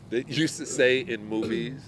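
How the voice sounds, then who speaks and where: A man's voice: medium pitch, takes it slowly, crowd noise. A middle-aged man, a podcast guest, chatting casually and acting out quotes as he tells stories. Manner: animated storyteller, acts out quotes. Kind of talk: casual chat.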